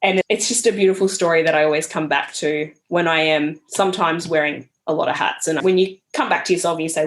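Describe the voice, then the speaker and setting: Young woman, podcast guest; slightly low, earnest, reflective storytelling delivery. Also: fairly even intonation, fast talker, few pauses, a little hiss or hum. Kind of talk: casual conversational interview.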